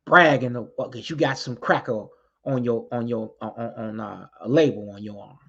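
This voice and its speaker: A man's voice: mid-range voice, fairly even intonation, normal speed, fairly bright tone, breathy edge. Fiery preaching man, lo-fi recording. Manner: fiery, preaching, repeats key lines for emphasis; blunt, swears freely. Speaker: community activist addressing street groups. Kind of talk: impassioned spoken address. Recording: dull lo-fi recording.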